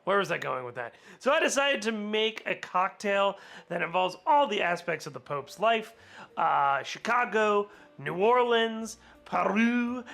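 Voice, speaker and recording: The host of a cocktail channel, a little hungover, speaks in a high, gravelly voice that's pushed and bright. His casual drink-making vlog is chatty and full of laughter and rambling tangents.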